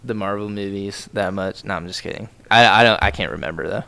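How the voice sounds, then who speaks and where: A man's voice: on the low side, fairly quick, creaky, pushed and bright, no room sound. A young man from Ohio co-hosting a podcast, talking in a laid-back, rambling way full of slang and "like" and "dude". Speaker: podcast co-host. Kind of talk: casual chat.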